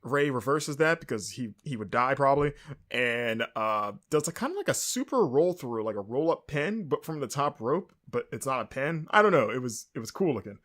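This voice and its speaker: A man's voice: mid-range voice, very animated, moderate pace, a bit bright. A man hosting a podcast, casually recapping a show on his own, rambling with lots of fillers and mid-sentence corrections. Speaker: podcast host.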